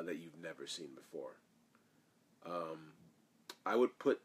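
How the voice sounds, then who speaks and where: Husky low-voiced man chatting. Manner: rambling, reads questions aloud then answers. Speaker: actor answering fan questions. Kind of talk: casual live Q&A.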